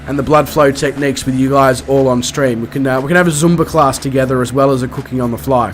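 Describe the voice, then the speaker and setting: A man's voice: mid-range voice, steady tone, quick pace, soft background music. A man with an Australian accent, streaming a flight game and chatting casually with his viewers in a rambling, self-mocking way. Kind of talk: casual chat with live viewers.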